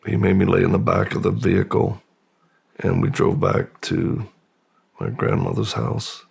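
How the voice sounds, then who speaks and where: Deep gravelly man telling his story. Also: big pitch swings, a little mellow. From United States. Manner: slow, halting, subdued. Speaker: guest. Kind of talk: personal storytelling in interview.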